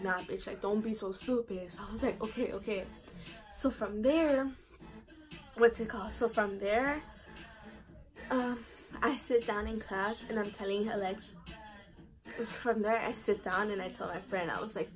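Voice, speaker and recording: A young woman vlogger telling a casual storytime, full of slang, swearing and 'like' fillers. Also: mid-range voice.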